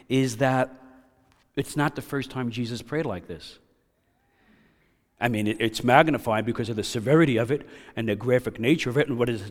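Male pastor, sermon delivery, mid-pitched voice, shifts from hushed to fervent, long hall reverb. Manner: swings from hushed to loud and impassioned.

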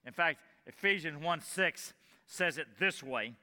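A man preaching a sermon in a church, earnestly explaining scripture, often repeating phrases and dropping to a hushed tone. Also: on the high side, expressive, measured pace, big-room sound. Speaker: pastor.

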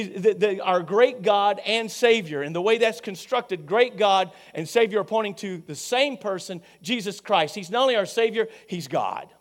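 A male pastor preaching a sermon, emphatic, asking the congregation questions and swinging between loud peaks and quiet low passages.

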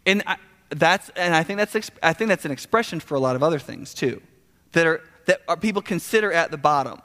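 A man delivers a sermon in a loose, chatty style, stumbling over restarts and tossing in quick asides. His voice sits high for a man. The sound rings with the long reverb of a large hall. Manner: animated, conversational preaching with frequent restarts and asides. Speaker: pastor.

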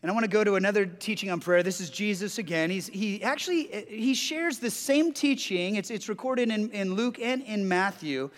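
A man's voice: high-pitched, normal speed, hardly any pauses. A man preaching a sermon as pastor, telling stories earnestly with frequent restarts. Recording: long hall reverb.

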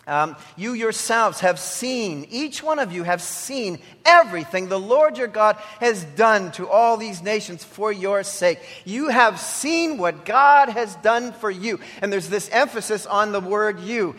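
A man's voice: high voice, lively intonation, unhurried, fairly bright tone, big-room sound. A man preaching a sermon as pastor, earnest and emphatic, pressing his listeners with repeated exhortations.

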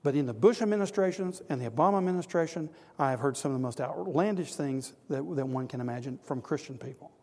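A man's voice: medium pitch, fast, hardly any pauses, warm tone, long reverb tail. A man preaching a sermon to an audience of men, earnest and exhorting, building to emphatic repetition.

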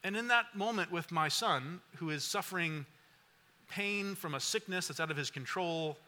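A pastor in his forties preaching a sermon and prayer, telling a personal story in an earnest, halting way, repeating words and dropping very soft at tender moments. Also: fairly high pitch.

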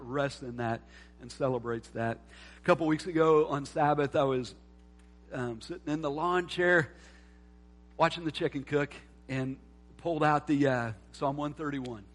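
A man preaching a sermon as pastor, moving between loud emphatic lines and quiet, soft reflection. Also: on the high side. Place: church sanctuary.

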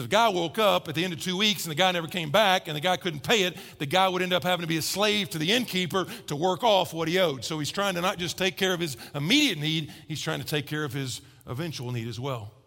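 Man, pastor, sermon, high-pitched, long church hall reverb. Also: vocal fry. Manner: animated, acts out characters' voices.

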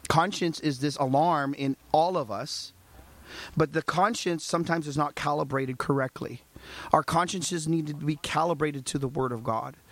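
Guy preaching a sermon, kinda high voice, lots of questions thrown at the crowd. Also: moderate pace. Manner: animated preaching, rhetorical questions, acts out dialogue. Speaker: pastor.

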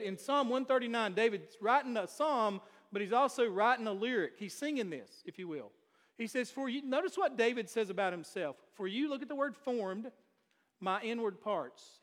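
A high-pitched man preaching to a congregation, punching his points with rhetorical questions. His voice rings through a long hall reverb, as from a church sanctuary. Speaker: pastor. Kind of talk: sermon.

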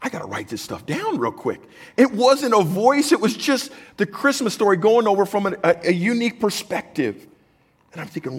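A man's voice: high-pitched, big pitch swings, normal speed, slightly rough. A man preaching a sermon as pastor, conversational and jokey, reading scripture aloud to the congregation.

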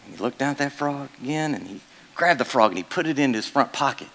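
A man's voice: medium pitch, animated, quick pace, vocal fry, a bit bright. Joking, casual male preacher. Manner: joking, casual, with many fillers. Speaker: pastor. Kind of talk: sermon. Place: church.

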